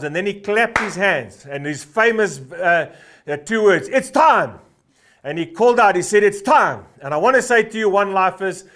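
A man's voice: high voice, a bit bright. A man preaching a sermon, telling stories with many "uh" fillers and hammering a short refrain again and again. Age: 50s. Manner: fervent, repeats a short refrain for emphasis; storytelling with frequent "uh" fillers. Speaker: pastor.

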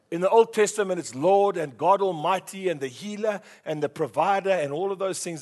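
This is a man delivering a sermon in a voice sitting a little high for a man. He leads the congregation in repeating key words back to him. His delivery swings between quiet, hushed passages and loud, fervent surges. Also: moderate pace. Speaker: pastor.

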